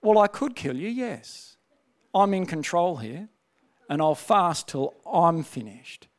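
Brief: a man playing a calm, authoritative inner voice, low and quiet. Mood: commanding. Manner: calm, firm, unhurried. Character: calm, commanding inner spirit.

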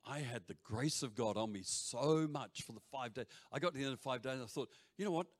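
A man preaching a sermon to a congregation, swinging between loud shouts and quiet near-whispers, with joking asides. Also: mid-range voice, fairly quick. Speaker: pastor. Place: church hall before a congregation. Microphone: handheld or stage mic.

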